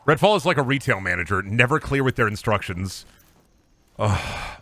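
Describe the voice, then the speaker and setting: A man's voice: medium pitch, expressive, normal speed, a bit bright. A young adult man streaming a game, chatting in a rambling, profane, joking way. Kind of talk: casual livestream chat.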